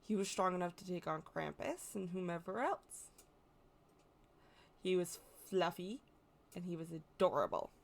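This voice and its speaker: A woman's voice: on the low side, a little slow, gravelly, pauses often, slight background noise. An American woman explaining folklore in a casual, chatty way, correcting herself as she goes and adding playful asides. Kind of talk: casual educational talk.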